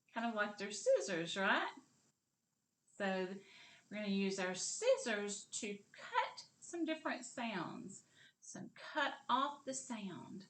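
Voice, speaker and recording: Slow, lively-voiced kindergarten teacher woman. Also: fairly high pitch. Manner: slow, encouraging, sing-song teacher talk with drawn-out sounds. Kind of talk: video literacy lesson for young children. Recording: echoey room.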